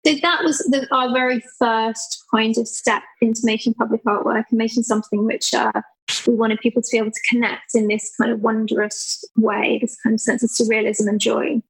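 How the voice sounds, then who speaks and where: A woman, an artist chatting on a podcast and telling animated stories about her public artworks. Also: a little high, fairly quick, husky, rough recording. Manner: animated storyteller, acts out people's voices. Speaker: artist guest. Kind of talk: casual podcast conversation.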